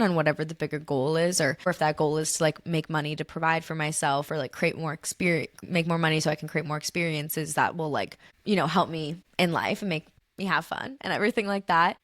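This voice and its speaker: Woman, podcast guest, low register, close and dry, rambling and reflective, "like"-heavy. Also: no echo. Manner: rambling, heavy use of "like", pitch leaps up when animated. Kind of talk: casual reflective conversation.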